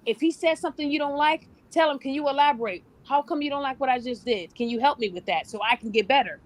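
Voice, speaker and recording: A blunt woman hosts a casual podcast and gives relationship advice, with a high, bright voice. She speaks frankly and now and then slips into other people's voices to make her point. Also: fast talker. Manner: blunt, animated, acts out quoted voices. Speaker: podcast host and relationship coach.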